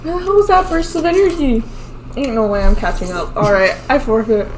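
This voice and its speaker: Bantering young woman co-host; slightly high pitch, noisy cheap mic. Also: sing-song, brisk. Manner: giggly, bantering. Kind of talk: casual chat. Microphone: desktop USB mic. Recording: noisy laptop recording.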